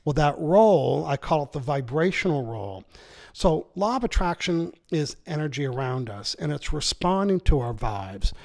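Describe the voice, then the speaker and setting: Author guy explaining his stuff in an interview, kinda high gravelly voice, upbeat and persuasive. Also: normal speed. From Canada. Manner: energetic, persuasive, acts out quoted speech. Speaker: author and seminar speaker.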